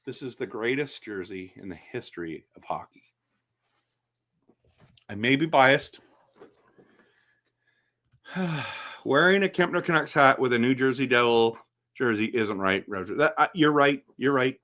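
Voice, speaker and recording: A man hosting a casual live stream, reading chat comments aloud and answering them in an animated, chatty way with frequent restarts. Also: medium pitch, measured pace, long pauses. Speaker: livestream host reading chat.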